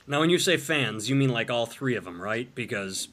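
A man's voice: medium pitch, expressive, normal speed, fairly bright tone. A man hosting a podcast, telling crude jokes and sarcastic stories in casual banter. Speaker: podcast host.

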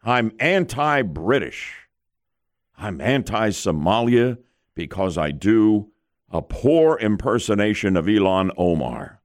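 A man's voice: lowish voice, very animated, slow pace. A middle-aged man hosting a radio morning show, wry and self-mocking in his banter. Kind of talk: talk radio banter and news reading. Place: radio studio. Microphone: studio microphone.

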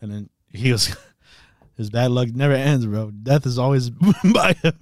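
A podcast co-host with a medium-pitched, a little mellow voice and lively intonation speaks a little slowly, in a dry, studio-quality recording. His casual anime recap is full of laughter and acted-out character lines.

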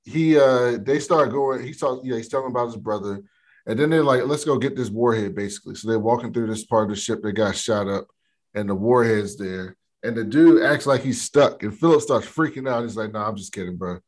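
A man's voice: mid-range voice, fairly quick. A man in a casual podcast chat, retelling a TV episode in slangy speech, quoting the characters' lines. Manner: slangy, retells scenes with quoted dialogue. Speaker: podcast co-host.

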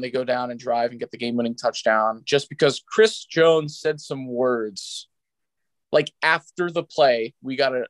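A man's voice: mid-range voice, no echo. A man co-hosting a sports podcast, ranting in exasperation about a loss and swearing, out of breath. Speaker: podcast co-host. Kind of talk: casual sports chat.

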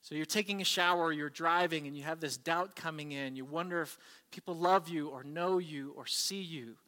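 A man's voice: on the high side, moderate pace, bright, forceful tone. A man preaching a sermon as pastor, earnest and conversational. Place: church service. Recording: long hall reverb.

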